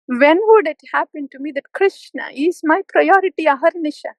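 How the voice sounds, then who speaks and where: A woman's voice: high-pitched, normal speed, dry recording, low-quality recording. A woman spiritual teacher giving a devotional talk, playfully mimicking complacent listeners.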